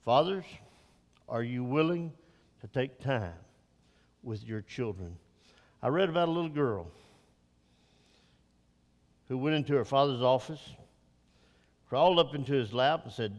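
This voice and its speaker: An older man preaching a Father's Day sermon, climbing to loud, high emphatic peaks and then dropping to soft, slow reflection. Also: lively intonation, in a large hall.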